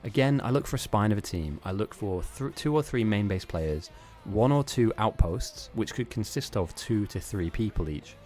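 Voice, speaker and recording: A man's voice: lowish voice, lively intonation, moderate pace, few pauses, a little mellow, soft background music. A man hosting a live-streamed game tournament, chatting casually in a rambling, self-mocking way with frequent laughs.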